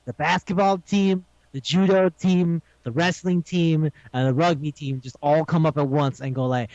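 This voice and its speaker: A man co-hosting a casual podcast, recapping an episode with animated, profane delivery and acted-out lines. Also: fairly high pitch, moderate pace, few pauses, dry recording. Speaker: podcast co-host. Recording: dull lo-fi sound.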